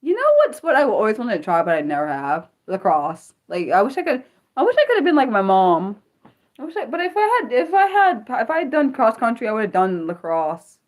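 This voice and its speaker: Excitable woman streamer with a lively voice. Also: a little high, a little fast. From United States. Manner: excitable, restarts sentences, blurts exclamations and mild curses. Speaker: livestream host. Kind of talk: unscripted livestream chat reading viewer comments.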